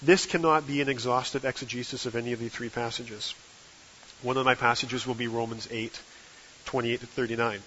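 A man preaching a sermon from the pulpit, with a measured delivery and emphatic stresses on key phrases. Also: medium pitch, a bit bright, lo-fi sound, slight background noise. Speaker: guest preacher.

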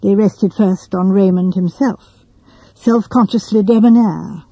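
A woman narrating a classic story in a measured, deliberate reading. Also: mid-range voice, dark tone, breathy edge, no room sound, low-quality recording.

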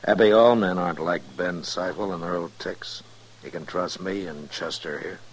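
An actor playing a steady frontier marshal who speaks calmly and with quiet authority, in 1950s radio drama style. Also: male voice, normal speed, a little hiss or hum, natural voice. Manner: calm, low-key, commanding.

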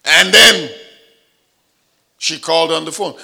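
A pastor preaching a sermon, telling stories with animated shifts of voice and acting out the people he quotes. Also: mid-range voice, moderate pace, creaky, long pauses.

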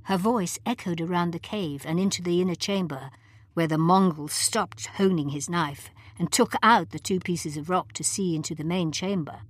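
A woman narrating an audiobook in a measured, even manner. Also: fairly low pitch. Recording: long reverb.

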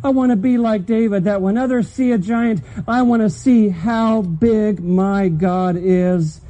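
A man with a very high, mellow voice preaches to his church. He tells a family story, then presses his points with emphatic, earnest delivery. His tone stays soft and rounded rather than sharp. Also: measured pace, poor audio. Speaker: pastor. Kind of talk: sermon. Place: church service.

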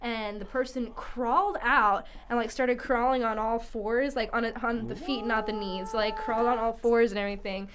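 A woman's voice: on the high side, fairly even intonation, normal speed, few pauses, background noise. A young woman on a podcast telling a secondhand story in casual chat, rambling with constant fillers. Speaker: podcast co-host.

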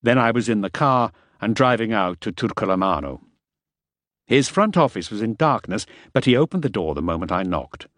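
A man narrating a first-person novel in a measured, wry storytelling manner. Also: fairly low pitch, lively intonation, a bit bright, dry recording, studio quality. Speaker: audiobook narrator.

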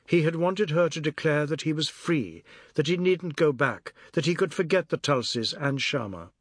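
A man narrating a novel in a measured storytelling manner. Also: fairly high pitch, no echo. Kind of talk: audiobook narration. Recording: dry close studio sound.

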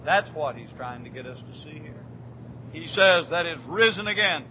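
A man preaches a fervent sermon in a high, bright voice. He drops to near-quiet, drawn-out phrases, then rises to shouted declarations. A faint rumble sits behind him in the church. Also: animated, poor audio.

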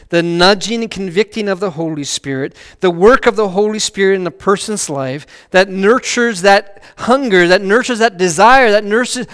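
A male pastor preaching with an earnest, rising-and-falling delivery, leaning into key phrases and then going hushed. His voice sits high and sounds smooth and clear. The sound carries a long reverberant tail from a large church hall. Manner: earnest, swells louder on key phrases and drops to a hush on scripture. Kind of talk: sermon.

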